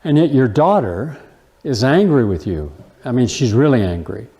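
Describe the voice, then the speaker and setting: Male lecture host, mid-range pitch, animated intonation, emphatic storyteller addressing a room. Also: normal speed. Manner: emphatic, rhetorical questions and personal anecdotes. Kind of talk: lecture to a live audience.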